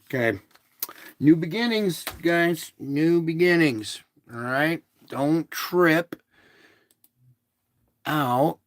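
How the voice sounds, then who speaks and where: A man hosting a casual spiritual show, talking in a slow, soothing, repetitive way to reassure his listeners. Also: fairly high pitch, animated, slight background noise. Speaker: show host. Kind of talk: casual spiritual livestream talk.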